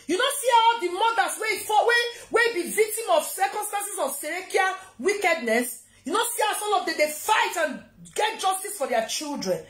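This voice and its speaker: Scolding Nigerian woman, high roomy voice. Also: expressive, moderate pace, a bit bright. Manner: scolding, taunting. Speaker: social media vlogger. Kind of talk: confrontational rant to camera. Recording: roomy echo.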